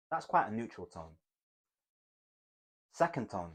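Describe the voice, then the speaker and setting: A man teaching communication skills to camera in an emphatic, motivational way, swinging between loud bursts and hushed asides. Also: on the low side, sing-song, unhurried, pauses often, slightly rough. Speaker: communication coach.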